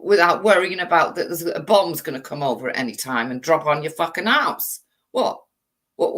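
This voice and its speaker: An English woman with a medium-pitched, fairly bright voice hosts her own channel. In this livestream she launches into an angry rant, swearing heavily and firing off one rhetorical question after another.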